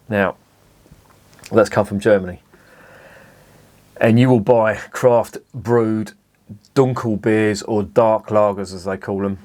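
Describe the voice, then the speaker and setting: A man with a slightly low voice talks through a beer tasting in a relaxed, rambling way. He savours each sip and circles back on his points, stopping now and then to pick the right word. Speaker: beer reviewer. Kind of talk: casual tasting review to camera.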